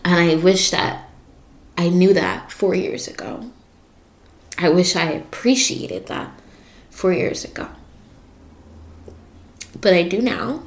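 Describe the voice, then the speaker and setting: Slow-talking young woman, emotional. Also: on the low side, roomy sound. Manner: emotional, voice wavering and cracking. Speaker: podcast host. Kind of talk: personal reflective monologue.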